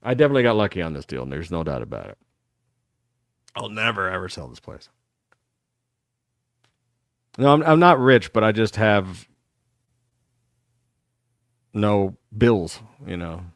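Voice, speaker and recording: A man's voice: fairly low pitch, normal speed, long pauses, no room sound, studio quality. A middle-aged man from the United States hosting a live talk show, telling rambling stories and acting out what other people said. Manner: animated storytelling, acts out other people's lines. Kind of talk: rambling live-stream monologue.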